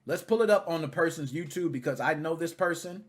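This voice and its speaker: A man hosting a video reaction, talking casually in an animated, profane, indignant way. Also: a little high, a little fast, breathy edge.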